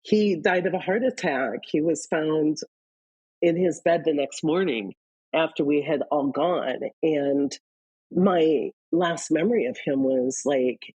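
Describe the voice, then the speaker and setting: A woman from Iowa speaks as an interview guest in a low, husky, mellow voice. She tells personal stories candidly, moving between quick bursts and slower pauses. The sound is dry and close. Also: dry recording, low-quality recording. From Iowa, US Midwest. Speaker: guest, leadership author.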